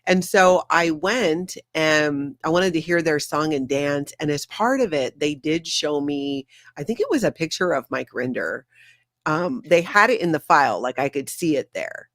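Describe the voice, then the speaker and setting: A woman's voice: deep voice, expressive, normal speed, no room sound, clean studio sound. A middle-aged woman hosting a casual chat, talking freely and laughing often as she tries out playful accents. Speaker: host.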